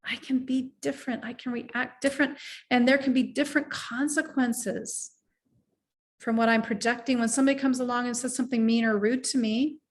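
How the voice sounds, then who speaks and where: A middle-aged woman life coach giving an earnest, reflective motivational talk, sometimes guiding the listener through slow breathing. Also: on the high side.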